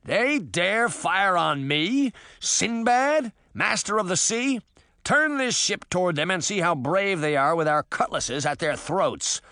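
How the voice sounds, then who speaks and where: A man voicing a boastful swashbuckling sea captain in an audiobook, speaking in grandiose, booming proclamations. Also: big pitch swings, normal speed, sharp tone, no echo, studio quality. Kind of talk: audiobook character voice.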